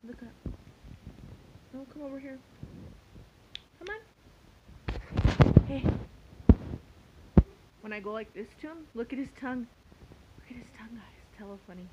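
A woman's voice: on the high side, animated, unhurried, long pauses, noisy background. A woman in a casual pet vlog at home, cooing baby talk at her cat and laughing often. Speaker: pet vlogger.

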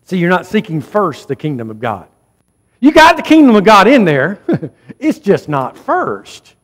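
A man's voice: high-pitched, wildly swooping pitch, measured pace, big-room sound. A man preaching a sermon as pastor, speaking emphatically and often urging the congregation directly. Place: church sanctuary.

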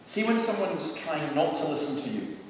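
His voice on the high side swings widely in pitch at a normal speed: a middle-aged preacher and evangelist telling earnest, conversational stories to a tour group in a large church building. The far-off recording in an echoey hall has a little hiss or hum.

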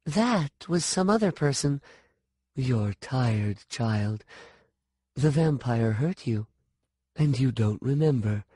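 Hushed, dreamy ageless witch, soft and unhurried, dry close sound, read by a man. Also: medium pitch, expressive, slightly rough, no room sound. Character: ageless wild-haired female witch, dreamy and possessive.

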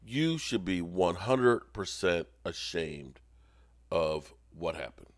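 A man hosting a sports podcast with a fairly low voice, recorded dry and close. He rants with sarcastic, mock-outraged exasperation. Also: lively intonation, takes it slowly, no room sound.

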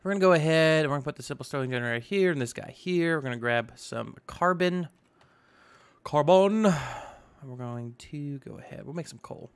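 A man's voice: on the high side, fairly quick, clean tone. A man giving casual, chatty commentary on his own gameplay, thinking aloud and tossing in exclamations. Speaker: gaming YouTuber. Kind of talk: casual let's-play commentary.

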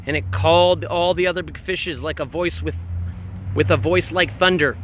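Bright-voiced man reading a picture book aloud. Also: fairly high pitch, steady tone, slight background noise. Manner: dramatic, drawn-out emphasis on big words. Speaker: reader. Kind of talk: storybook read-aloud.

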